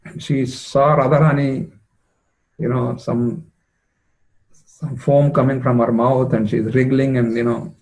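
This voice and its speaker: A male preacher retelling a devotional story in a relaxed, conversational way. His voice sits at an ordinary middle pitch, and he leans on easy fillers as he explains. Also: measured pace, long pauses, rough recording. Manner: conversational, many "you know" fillers.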